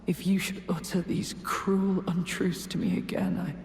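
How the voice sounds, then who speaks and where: An actor playing a devoted man who drifts into poisoned sleep, speaking softly and languidly. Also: high-pitched, flat delivery, measured pace, vocal fry, a little hiss or hum. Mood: resentful. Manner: soft, languid, drowsy. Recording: echoey game dialogue with long reverb.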